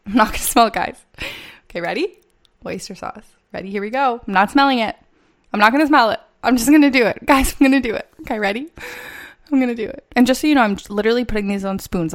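Young Canadian woman, podcast host, chatty and animated, casual solo delivery. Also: mid-range voice. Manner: chatty and animated, talks straight to listeners.

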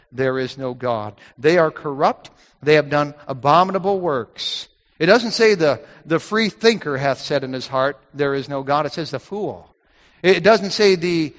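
A man's voice: on the high side, a bit bright. Emphatic preacher man in a reverberant hall. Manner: emphatic, repeats key phrases, quotes scripture in old wording. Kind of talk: sermon.

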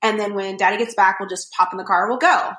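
A young woman chats on a podcast, telling a story that wanders, full of fillers and acted-out quotes. Her voice sits at a middle pitch and carries echo from the room around her. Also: fast, fairly bright tone. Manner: rambling storyteller, many fillers, acts out quotes. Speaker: podcast co-host. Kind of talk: casual chat.

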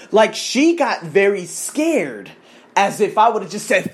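A man in his thirties rants into the camera in a casual vlog, his pitch swinging widely as he acts out the people in his story. His talk is full of swearing and loud, expressive bursts. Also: moderate pace. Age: 30s. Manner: animated, profane storytelling with mimicked voices. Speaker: coach. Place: abroad in Thailand.

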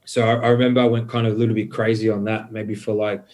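A man's voice: on the low side, flat delivery, fast talker, darkish tone, a little hiss or hum. Laid-back man, casual storytelling. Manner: laid-back, filler-heavy, swears freely. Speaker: podcast guest.

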